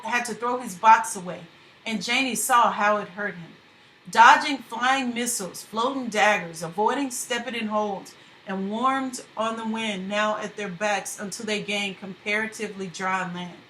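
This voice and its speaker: Brief: female reader, measured storytelling, echoey room, faint hiss. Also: mid-range voice. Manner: steady, measured narration. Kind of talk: novel read aloud.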